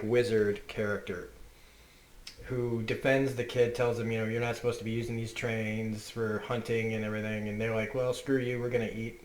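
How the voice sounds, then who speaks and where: A man reviewing comic books in a casual video, earnest and emotional, often restarting his sentences. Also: mid-range voice. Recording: roomy echo.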